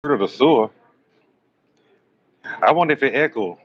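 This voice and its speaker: A man hosts a live astrology stream, chatting casually with viewers in a joking, teasing, rambling manner. His voice is medium-pitched, expressive and husky at normal speed. The lo-fi stream audio is slightly dull with faint room noise.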